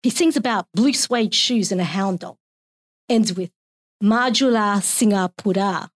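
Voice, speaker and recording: A woman with an Australian accent reading her own poem aloud in a measured, expressive way. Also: medium pitch, dry recording.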